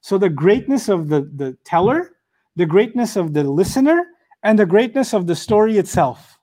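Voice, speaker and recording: Animated higher-pitched man teaching Quran. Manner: animated, asks rhetorical questions, recites Arabic quickly. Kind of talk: lecture on Quranic verses.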